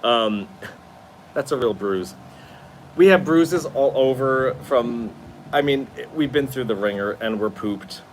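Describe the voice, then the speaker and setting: A man's voice: mid-range voice, slow, a little hiss or hum. A tired man hosting a casual live stream from his new apartment, chatting expressively and answering viewer comments. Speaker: livestream host.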